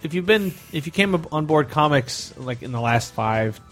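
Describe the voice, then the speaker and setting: A man co-hosting a podcast in casual chat, rambling and animated, with many fillers and restarts. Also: on the high side, moderate pace, soft background music. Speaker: podcast co-host.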